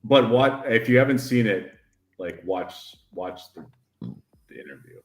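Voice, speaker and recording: A man's voice: lowish voice, animated, unhurried, reverberant. A man co-hosting a casual livestream chat, rambling and emphatic, often breaking into laughter. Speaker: podcast co-host.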